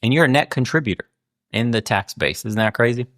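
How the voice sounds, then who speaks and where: A man's voice: mid-range voice, a little fast, a bit bright, no room sound. Sarcastic man ranting, dry close sound. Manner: heated, sarcastic and profane, with rhetorical questions. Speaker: channel host. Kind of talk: political commentary rant.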